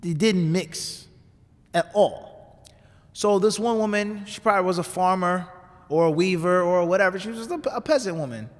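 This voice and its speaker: A man's voice: on the high side, in a large hall. A man giving a sermon, telling a story in a conversational way and tossing rhetorical questions to the audience. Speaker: imam giving a talk. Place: mosque hall.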